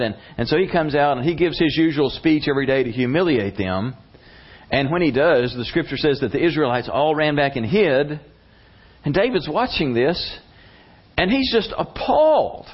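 Man telling a Bible story casually. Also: fairly high pitch. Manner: casual, conversational storytelling with slang. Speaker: preacher, Bible teacher. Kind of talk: sermon retelling a Bible story. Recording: slightly muffled lo-fi recording.

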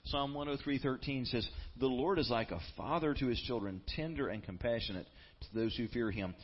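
A man preaching a sermon as a pastor, earnest and emphatic, with dramatic pauses. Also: mid-range voice, husky, highs cut off.

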